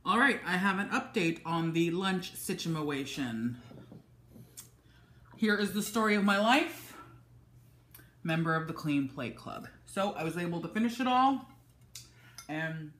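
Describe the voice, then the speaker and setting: A woman's voice: lowish voice, expressive, measured pace, pauses often, fairly bright tone. A woman chatting casually in a food vlog from her home office, talking in a loose, chatty way with many ums and restarts. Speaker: vlogger. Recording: echoey room.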